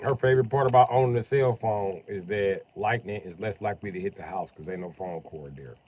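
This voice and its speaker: A man's voice: lowish voice, a little fast, darkish tone, slight background noise. A man streaming gameplay, chatting casually and rambling with lots of profanity. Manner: profane, rambling, tosses in "you know what I mean".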